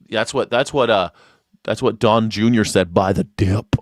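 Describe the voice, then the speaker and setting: A man's voice: fairly low pitch, unhurried, dry recording, clean studio sound. A man hosting a live stream in a sarcastic, mocking tone, laughing often and repeating his taunts.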